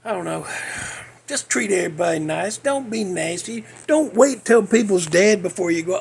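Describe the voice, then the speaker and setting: A man's voice: high-pitched, animated, moderate pace, gravelly, darkish tone, slight background noise. A man, ranting bluntly in a folksy way as a podcast host. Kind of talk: casual monologue.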